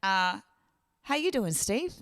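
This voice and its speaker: A woman's voice: medium pitch, very animated, takes it slowly, a bit bright. A woman with an Australian accent hosting a casual live stream, chatting and reading out viewer comments. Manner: chatty, reads out viewer comments, laughs often. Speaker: live stream host and singer.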